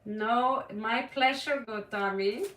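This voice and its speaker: This tarot reader from Norway speaks slowly in a fairly bright voice on the high side, chatting, laughing frequently, and naming her viewers during a live reading. Slight background noise and a roomy echo from a distant mic come through.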